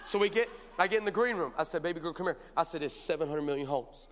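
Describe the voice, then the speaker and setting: A man preaching a sermon, telling a story and acting out the dialogue with animated energy. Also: on the high side, fast. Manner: animated, acts out dialogue, builds to shouted preaching. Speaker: pastor. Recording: long hall reverb.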